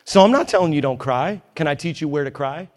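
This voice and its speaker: A man's voice: on the high side, expressive, fast. A man pastor preaching a sermon in a church, emphatic and conversational with joking asides. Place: church in New York.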